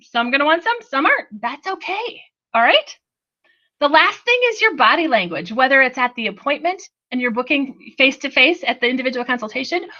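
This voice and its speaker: A woman's voice: sits high, pushed and bright, lo-fi sound. A woman giving an upbeat, chatty motivational sales training talk, calling her audience "you guys".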